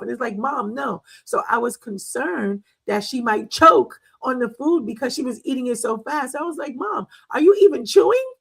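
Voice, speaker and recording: Middle-aged woman, wellness talk host, chatty storytelling, gravelly, husky. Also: fairly high pitch, a bit bright, poor audio. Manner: chatty, storytelling, laughs often, many fillers. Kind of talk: casual health talk.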